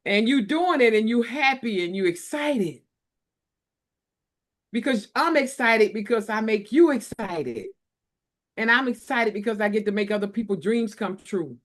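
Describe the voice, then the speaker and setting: A woman's voice: a little high, animated, unhurried. A woman hosting a book launch, giving an emotional, preachy motivational talk full of repetition. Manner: preachy, repetitive, tearful at times. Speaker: book collaboration host.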